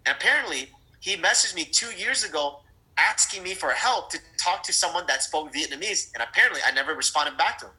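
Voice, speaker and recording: A middle-aged man telling a story in a sales training talk. He is animated, often restarts and repeats words, and speaks straight to his audience. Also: a little high, a little fast, low-quality recording. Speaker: network marketing trainer.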